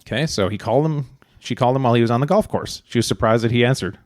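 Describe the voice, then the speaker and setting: A man co-hosting a podcast, telling a true-crime story in a relaxed, rambling way with many fillers and joking asides. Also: medium pitch, racing, dry recording, studio quality. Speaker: podcast co-host.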